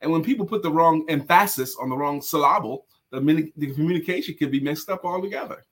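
A man's voice: on the high side, fast. A man co-hosting a casual morning talk show, chatty and playful, with a lot of fillers. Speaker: co-host.

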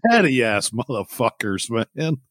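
Man, podcast co-host, wry crude asides, slow, lively high pitch. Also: no room sound, clean studio sound. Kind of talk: casual podcast chat.

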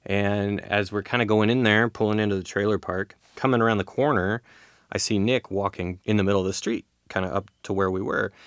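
Low gravelly guy rambling through a story, chuckling a lot, super dry close mic. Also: steady tone, brisk, no room sound. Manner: rambling and self-amused, laughing through the story. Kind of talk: casual storytelling.

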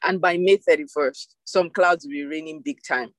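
A woman's voice: moderate pace, a bit bright, no echo. Emphatic woman preaching over a video call. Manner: emphatic, repeats phrases for emphasis, rising and falling pitch. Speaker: preacher leading an online devotional. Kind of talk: sermon.

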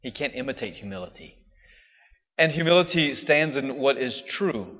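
Priest preaching in a reverberant church. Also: male voice, mid-range voice, lively intonation, normal speed. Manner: conversational, frequent "right?" tag questions. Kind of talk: casual homily. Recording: dull sound with long hall reverb.

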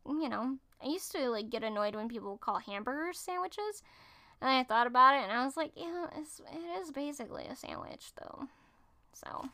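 A high, sharp-toned woman hosts, reading food facts from her screen and chatting casually about them. She trips up and corrects herself as she goes.

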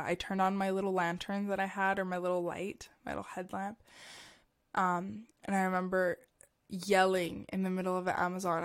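A young woman hosting a podcast, telling a deeply personal story in a halting, emotional way with many fillers and restarts. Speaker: podcast host.

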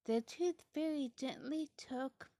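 Woman reading a picture book aloud, slow and soft, dry sound. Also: high voice, no room sound. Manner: soft, slow, often dropping into a hush. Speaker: storybook reader.

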